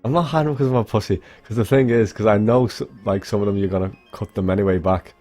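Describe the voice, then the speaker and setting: A young man with a deep, low-pitched voice talks loosely to his stream viewers, swearing now and then and jumping between thoughts. Faint music plays under his chatter. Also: fast talker, mellow. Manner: rambling, swearing, talks straight to chat. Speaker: speedrunner streamer. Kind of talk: casual livestream chat with viewers.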